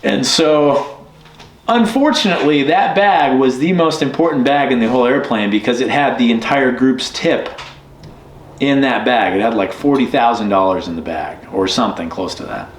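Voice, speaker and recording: A man's voice: medium pitch, normal speed, slight background noise. A man, a bush pilot, telling a story in a casual chat and acting out the quotes. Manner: lively retelling with voiced quotes. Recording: roomy echo.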